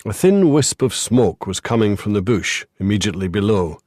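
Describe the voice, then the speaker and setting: Low-voiced male audiobook narrator. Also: expressive, normal speed, a little mellow, no room sound, studio quality. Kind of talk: scripted narration.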